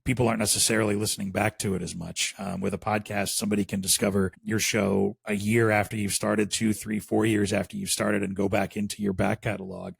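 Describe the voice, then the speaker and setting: A man's voice: fairly low pitch, brisk, vocal fry, hardly any pauses, slightly rough, dry recording. A man from the Chicago area with a Chicago accent, chatting casually as a podcast guest and rambling with plenty of fillers. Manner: relaxed, rambling with many fillers. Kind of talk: casual interview chat.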